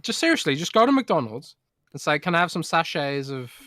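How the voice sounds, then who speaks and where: A man's voice: on the high side, very animated, brisk, bright, forceful tone, dry recording, studio quality. A man with a British accent, co-hosting a podcast in casual, teasing chat. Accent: British English. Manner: playful, teasing. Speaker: podcast co-host.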